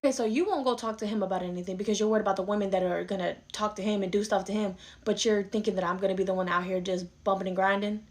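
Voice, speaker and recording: A woman's voice: mid-range voice, steady tone, racing, hardly any pauses, natural voice. A woman playing an exasperated grown daughter. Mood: frustrated. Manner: argumentative, sarcastic. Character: exasperated young adult daughter arguing with her mom. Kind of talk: skit role-play.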